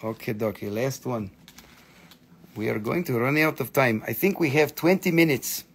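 A man hosting a live crystal sale, chatty and excitable, with crude jokes and non-native phrasing. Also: medium pitch, normal speed, breathy edge. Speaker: live-stream crystal seller. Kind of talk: casual live sales chat.

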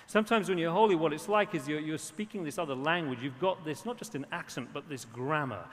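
A man's voice: on the high side, brisk. A man from England with an English accent, preaching a storytelling sermon with quoted voices and frequent restarts. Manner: storytelling with quoted voices, repeats words when starting. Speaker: pastor. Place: church hall. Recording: long hall reverb.

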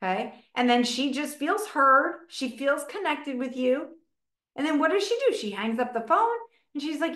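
A woman's voice: high voice, lively intonation, unhurried, bright, forceful tone. A middle-aged woman, a relationship coach giving an informal, chatty masterclass and often slipping into little acted-out dialogues. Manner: chatty, filler-heavy, acts out little dialogues. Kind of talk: informal teaching talk. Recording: echoey room.

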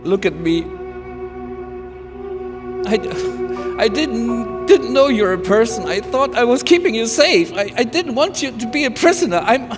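A man playing a nervous, soft-hearted airfield guard, stammering and emotional, in a live puppet show. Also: very high-pitched, animated, measured pace, pauses often, over music. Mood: remorseful.

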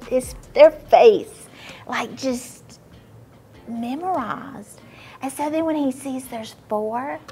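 A woman teaching children, telling a Bible story in an animated way and dropping to whispers for emphasis. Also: a little high.

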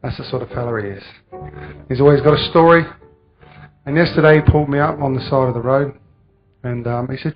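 A man's voice: medium pitch, fairly quick, pauses often. A man in church sharing a prayer request, then declaring a prayer with rising fervour. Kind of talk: testimony and prayer. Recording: muffled church recording, faint music.

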